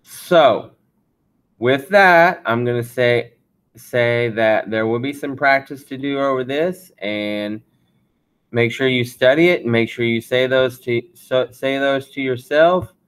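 A man teaching a beginner Spanish lesson, counting slowly and repeating phrases as he explains. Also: medium pitch, a bit bright, smooth. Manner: slow, deliberate counting. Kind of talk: classroom lesson.

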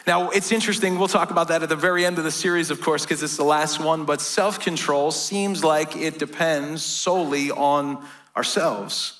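A man's voice: fairly high pitch, steady tone, normal speed, a bit bright. A middle-aged American man, a pastor, preaching a sermon in a church in a casual, joking way and often asking "right?".

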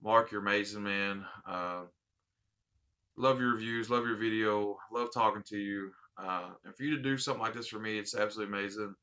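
A man's voice: fairly low pitch, steady tone, a little fast, sharp tone. A man hosting a casual unboxing vlog, heartfelt and rambling, repeating his thanks. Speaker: vape channel host.

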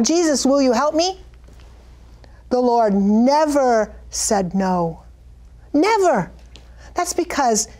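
A middle-aged woman speaking with fervent, pleading intensity as she shares a spiritual testimony and leads a prayer. Her voice sits a little higher than most, and it soars on her cried-out appeals. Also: darkish tone. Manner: fervent, pleading, rises high on cried-out lines. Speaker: Christian speaker sharing a vision.

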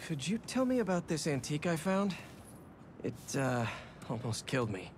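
A man's voice: fairly high pitch, big pitch swings, normal speed, slight background noise. An actor playing a breezy, confident young male superhero in a video game.

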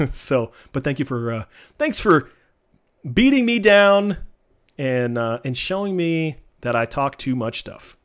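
Give me a joking, animated man commentating his card game on a live stream, with a lively up-and-down voice. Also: medium pitch, takes it slowly. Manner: animated, joking, trash-talking.

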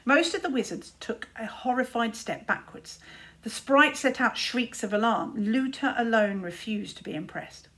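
Brief: lively schoolteacher narrating a children's book. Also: female voice, a little high, normal speed. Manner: expressive, animated narration. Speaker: teacher reading aloud. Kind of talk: storybook reading.

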